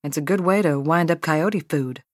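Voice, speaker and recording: A woman narrator voicing a blunt, feisty young ranch wife who talks in a brisk, teasing way. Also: deep voice, no room sound, studio quality.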